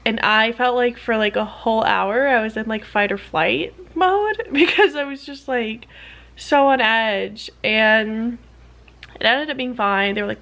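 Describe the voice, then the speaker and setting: Chatty, animated young woman vlogger. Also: on the high side, normal speed. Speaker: vlogger, PhD student. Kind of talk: casual chatty storytelling.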